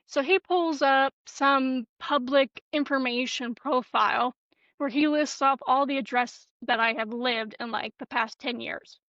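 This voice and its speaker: A woman co-hosting a podcast and telling a story in a profane, animated way. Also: high-pitched, a little slow, dry recording, muffled recording. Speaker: podcast co-host. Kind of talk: casual storytelling chat.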